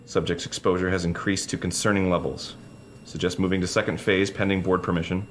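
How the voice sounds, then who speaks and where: A man playing a detached male interrogator in a horror short, speaking flatly over a loud film score. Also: deep voice, brisk, slight background noise, close to an everyday voice. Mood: clinical. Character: cold clinical male interrogator repeating questions. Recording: loud music underneath. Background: tense film score.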